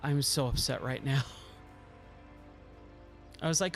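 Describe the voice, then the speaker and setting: A male streamer narrates his gameplay in an ordinary mid-range voice, by turns pleading with the game and poking fun at himself. Faint music plays quietly behind him. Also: medium pitch, takes it slowly, vocal fry, pauses often. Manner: exasperated, self-mocking, talks to the game. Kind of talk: live gameplay commentary.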